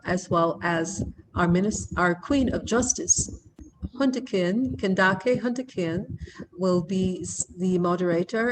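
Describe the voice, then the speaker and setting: A woman's voice: fairly low pitch, background noise. Hesitant woman moderating an online event. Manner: hesitant, with frequent fillers.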